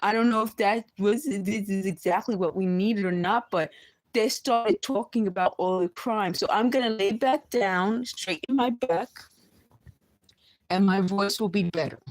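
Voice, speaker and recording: A hoarse woman talking to her camera from her bedroom after just waking up, rambling and agitated with many restarts. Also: medium pitch, moderate pace, no echo, low-quality recording. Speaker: vlogger. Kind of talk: rambling late-night vlog monologue. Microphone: recording herself on camera.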